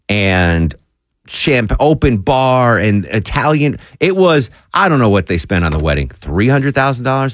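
A male radio host in his forties with a low voice that swings widely in pitch as he tells stories. His talk is loose and rambling, full of restarts. The sound is dry and close to a studio mic. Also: no echo. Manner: animated storyteller, rambling with restarts. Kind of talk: casual talk radio banter.

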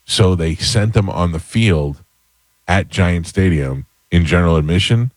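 A man in his fifties hosting a radio talk show, telling rambling stories in a relaxed, casual way. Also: deep voice, measured pace, no room sound. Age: 50s. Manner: relaxed storyteller, rambling with restarts.

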